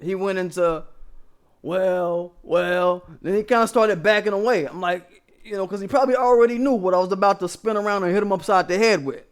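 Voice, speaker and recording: A man's voice: high voice, quick pace, clean tone. A man vlogging a casual story to his viewers, emphatic and profane, often checking in with them.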